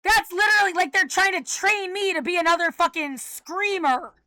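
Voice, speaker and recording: High bright woman ranting and cursing. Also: moderate pace, hardly any pauses, a little hiss or hum. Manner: agitated, cursing, often shouting. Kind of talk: profane angry rant.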